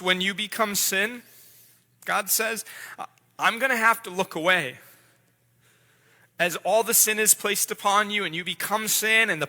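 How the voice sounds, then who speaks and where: A man's voice: high-pitched, bright, forceful tone, exaggerated voice. A pastor voicing God pleading with his son. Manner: intense, pleading, repeats words. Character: God the Father speaking tenderly to his son. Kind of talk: dramatic sermon role-play. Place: church sanctuary. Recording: long church hall reverb.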